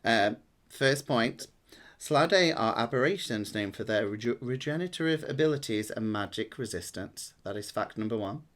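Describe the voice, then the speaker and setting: A man running a tabletop game as game master, explaining rules in a relaxed, rambling way with many ums. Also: mid-range voice, normal speed.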